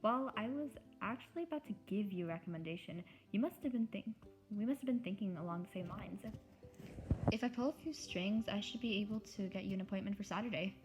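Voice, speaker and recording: A calm, helpful woman doctor read by a woman speaks in a measured, mid-pitched voice. Soft music runs under the storybook reading. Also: natural voice, low-quality recording.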